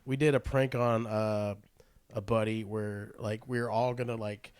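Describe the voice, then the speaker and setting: A man, a comedian co-hosting a podcast, chatting casually and excitably with plenty of swearing. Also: lowish voice, moderate pace, smooth, dry recording. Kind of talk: casual chat.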